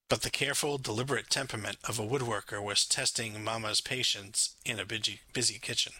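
A man from France reads his memoir aloud in a measured, gently wry voice. His tone is very bright and the recording is close and dry, with a middle pitch. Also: no room sound. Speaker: memoir narrator. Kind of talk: scripted narration.

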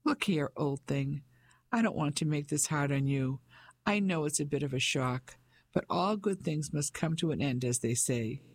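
A pompous businessman in his fifties who blusters and talks down to his wife, voiced by a man reading the audiobook. His voice is a touch high with a gravelly fry. The sound is dry and close. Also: normal speed, no room sound. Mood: patronizing. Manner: blustering, patronizing. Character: pompous fifty-five-year-old English businessman husband. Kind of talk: audiobook character voice.

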